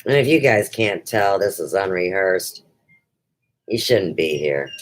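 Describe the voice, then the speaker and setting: Slow, rambling middle-aged woman host. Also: a bass voice, animated, slight background noise, rough recording. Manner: rambling, jumps between topics. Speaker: livestream show host. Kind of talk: unrehearsed casual livestream chat.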